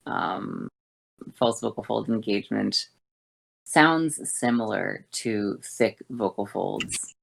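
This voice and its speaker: A woman voice coach talks slowly, with a gravelly, creaky edge in her voice. She explains vocal exercises haltingly, stopping often to correct herself. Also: very deep voice. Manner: halting, with many fillers and self-corrections. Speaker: voice teacher.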